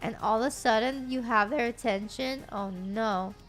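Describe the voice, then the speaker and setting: A woman streamer chatting excitedly with her live chat. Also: a little high, normal speed, faint music behind.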